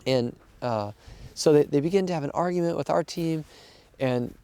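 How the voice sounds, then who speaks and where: Earnestly recounting what happened, this man, a missionary aid worker, acts out the dialogue of the people involved in a casual way. His voice is on the high side, creaky yet smooth, with a dark tone and a moderate pace.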